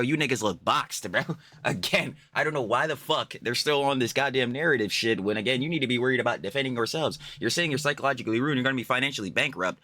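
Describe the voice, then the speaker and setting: Animated, profane young man ranting. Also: mid-range voice, dry recording. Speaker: commentary YouTuber. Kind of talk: profane reaction commentary.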